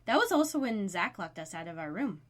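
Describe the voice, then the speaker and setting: Woman, 30s, podcast co-host; blunt, quick jokes, casual swearing. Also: medium pitch, very animated. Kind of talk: casual chat.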